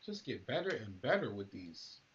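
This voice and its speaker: A man's voice: lowish voice, very animated, moderate pace, dull audio, slight background noise. Laid-back man on a live stream. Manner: laid-back, rambling, talks straight to viewers. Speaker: battle rap channel host. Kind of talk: casual live-stream commentary.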